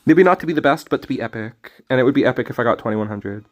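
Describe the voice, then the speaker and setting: A man's voice: mid-range voice, expressive, fast talker, faint music behind. A man streaming a card game, rambling in casual commentary with jokey, self-mocking asides.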